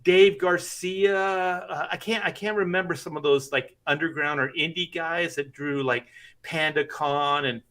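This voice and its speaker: A man's voice: fairly high pitch, steady tone, a little slow, a bit bright. A middle-aged man, a comic artist, telling a rambling anecdote in casual chat and laughing through it.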